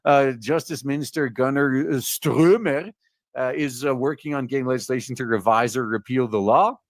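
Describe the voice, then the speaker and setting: A man's voice: mid-range voice, moderate pace, dry recording, clean studio sound. Sarcastic man reading news with fillers. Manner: reads aloud with many "uh" fillers and sarcastic asides. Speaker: host reading news stories. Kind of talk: casual commentary on read-out articles.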